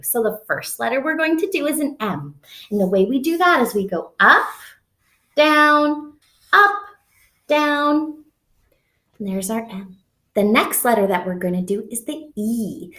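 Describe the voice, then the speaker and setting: A woman's voice: fairly high pitch, fairly bright tone, reverberant. Sing-song woman teaching little kids. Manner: slow, exaggerated, sing-song teacher talk. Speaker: preschool teacher. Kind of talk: children's lesson with make-believe play.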